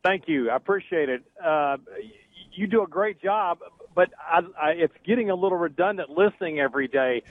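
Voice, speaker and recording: A man's voice: on the high side, lively intonation. A man from Oklahoma calling in to a radio show, speaking hesitantly and stumbling over his words. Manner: hesitant, halting with restarts. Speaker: caller. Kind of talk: phone-in call. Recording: tinny phone line with faint hiss.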